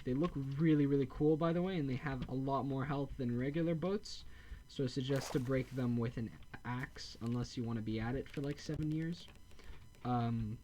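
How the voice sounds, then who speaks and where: Guy narrating his game, rambly, keeps correcting himself, deadpan jokes. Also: mid-range voice, slight background noise. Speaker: gameplay video host. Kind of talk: casual gameplay commentary.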